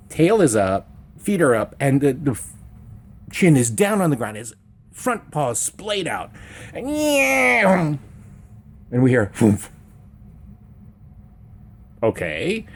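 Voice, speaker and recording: A man spins a comic personal tale in a loose, rambling way. His pitch swings widely as he talks, and he breaks into squeaky meows and silly sound effects. The telling stays casual and animated from start to finish. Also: breathy edge. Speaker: storyteller. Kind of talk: comedic personal storytelling.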